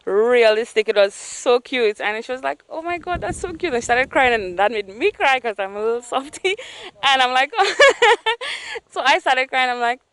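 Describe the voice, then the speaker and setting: A woman's voice: a little high, animated, moderate pace, a bit bright, clear, resonant tone, rough recording. Earnest Saint Lucian woman interview guest. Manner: earnest, plain-spoken, restarts often. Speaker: guest, small business owner.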